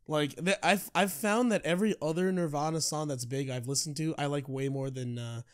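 A man's voice: on the high side, steady tone, normal speed, smooth. A young man hosting a casual podcast chat, joking around and laughing often. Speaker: podcast host.

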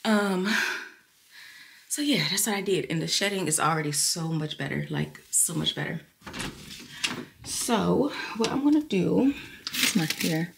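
A woman's voice: on the low side, lively intonation, measured pace, vocal fry, long pauses, a little hiss or hum. Chatty young woman vlogging at home. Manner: chatty, rambling, addresses viewers as y'all. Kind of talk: casual chat to camera.

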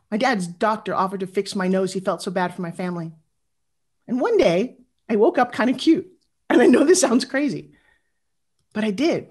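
Animated woman in her fifties giving a motivational speech. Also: medium pitch, normal speed, pauses often, slightly rough. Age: 50s. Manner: animated, confessional, talks straight to the audience. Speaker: motivational speaker.

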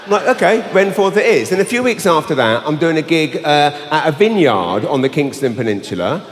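Male stand-up comic, high voice, arena reverb, shouty storyteller. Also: fairly quick. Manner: animated storytelling, bursts of shouting. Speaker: stand-up comedian. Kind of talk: live stand-up comedy. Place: large arena stage. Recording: live arena with long reverb.

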